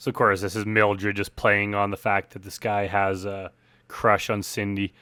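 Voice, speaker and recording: A man giving a relaxed, rambling director's commentary on his film, full of fillers like "like" and "uh". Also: lowish voice, normal speed, clean tone, dry recording.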